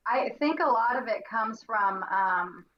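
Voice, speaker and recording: A woman's voice: fairly high pitch, a little slow, roomy sound, lo-fi sound. A woman on a video call as guest collector, bubbly and casual, saying "like" a lot. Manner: bubbly, peppers speech with "like".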